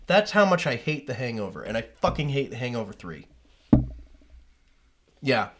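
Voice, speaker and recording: A young adult man co-hosts a casual podcast, rambling and swearing freely while animatedly retelling movie scenes. His mid-range voice moves at a moderate pace on a very noisy recording.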